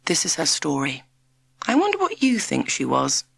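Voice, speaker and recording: A woman reading a children's storybook aloud in an expressive, measured narration. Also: deep voice, creaky, slightly rough, dry recording. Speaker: audiobook narrator.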